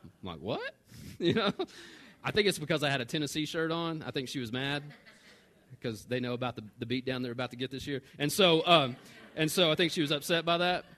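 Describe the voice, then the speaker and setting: Higher-voiced man preaching casually. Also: fairly quick. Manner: conversational and self-mocking, with animated retold dialogue. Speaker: pastor. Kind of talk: sermon with a personal story.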